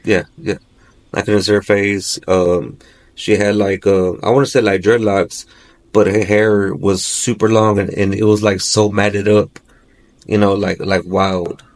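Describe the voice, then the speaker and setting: A man's voice: on the low side, little pitch movement, measured pace. A man, a father of three, recounting a nightmare as a podcast guest, rambling and peppering his talk with "you know" and "like". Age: adult, father of three.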